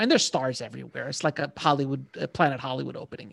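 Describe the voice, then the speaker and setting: A man telling animated, slangy stories as an author guest in a casual interview. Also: mid-range voice, quick pace, creaky, few pauses, no echo, clean studio sound.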